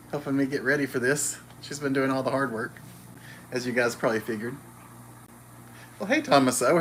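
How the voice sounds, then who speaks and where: A man hosting a casual live stream from his home kitchen, greeting viewers by name and talking fast. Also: medium pitch, background noise. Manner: talks fast. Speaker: livestream host.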